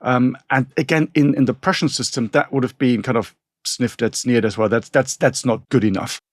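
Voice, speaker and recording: A man's voice: mid-range voice, steady tone, normal speed, no room sound, clean studio sound. A man, a podcast co-host chatting casually about history in a rambling way with frequent restarts. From northern Germany. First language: German. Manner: rambling, many restarts and asides.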